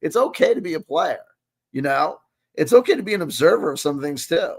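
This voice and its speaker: A man in his late forties rambles through casual reaction commentary, swearing freely and checking in with his listener again and again. His voice sits a little high, with a gravelly, creaky edge. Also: very animated, fairly quick. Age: 40s. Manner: rambling, profane, keeps asking "you know what I mean". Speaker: host.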